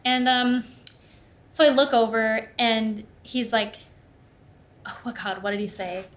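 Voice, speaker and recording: This podcast host is a young woman whose voice sits fairly high, and she takes her time. She shares a personal story conversationally, bringing it to life by performing the quoted voices of the people involved.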